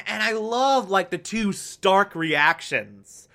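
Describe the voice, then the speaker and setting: A man giving a casual, animated TV episode recap, full of fillers and swearing, acting out characters' lines as he goes. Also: high voice, slow pace. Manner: animated, swears, many fillers, acts out quotes. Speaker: TV show reviewer.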